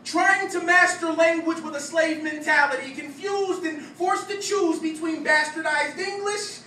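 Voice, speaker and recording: A man's voice: extremely high pitch, fairly even intonation, unhurried, sharp tone. A man performing a spoken word poem to a live audience, with a rhythmic, rhymed delivery and punchy emphasis. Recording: echoey room, distant mic, background noise.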